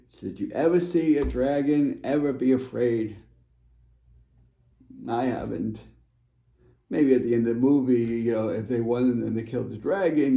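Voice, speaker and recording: A man gives a casual card reading to his viewers, rambling and reassuring, often restarting his sentences. His voice is gravelly and very dark. The room around him sounds echoey. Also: medium pitch. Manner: rambling, repetitive, reassuring, with many fillers and restarts. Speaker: spiritual advisor giving card readings. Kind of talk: casual tarot-style card reading to camera.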